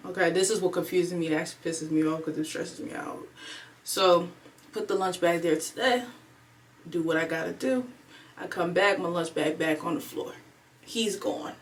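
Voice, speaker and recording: A woman in her twenties, chatting alone at home in a casual storytime vlog, animated and replaying her own thoughts aloud. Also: lowish voice, a little fast, recorded from a distance, a little hiss or hum. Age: 20s. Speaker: vlogger. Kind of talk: casual storytime chat to camera.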